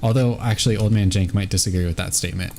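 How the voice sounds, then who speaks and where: A man hosts a relaxed gaming stream, his voice sitting on the lower side. He talks hesitantly, filling pauses with ums and restarting sentences. A faint hiss runs under the recording. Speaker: streamer host. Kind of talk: casual gaming stream chat.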